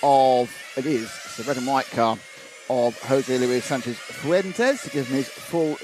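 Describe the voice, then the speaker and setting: Chatty commentator over trackside engine noise. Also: male voice, medium pitch, measured pace. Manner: chatty, reads out viewer messages with asides. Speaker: race commentator. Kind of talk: live race commentary. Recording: noisy trackside with engine sounds. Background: race car engines and ambience.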